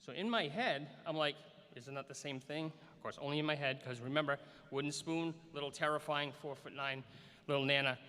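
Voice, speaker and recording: Man, superintendent, graduation speech, bright voice, long echoing reverb. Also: on the high side, a little fast, smooth. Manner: storytelling with self-deprecating humor. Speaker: school superintendent. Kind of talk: commencement speech. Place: outdoor graduation on a school field.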